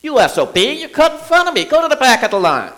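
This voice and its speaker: A man acting out a rude, furious man who yells insults at people around him. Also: very high-pitched, sing-song, fast talker, voice pushed up, heavily acted. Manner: shouting, insulting.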